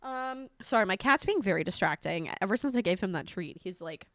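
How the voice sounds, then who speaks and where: A woman's voice: medium pitch, lively intonation, brisk, no echo, studio quality. A woman live streamer chatting casually with her viewers, scattered and talkative, thanking them often and swearing mildly.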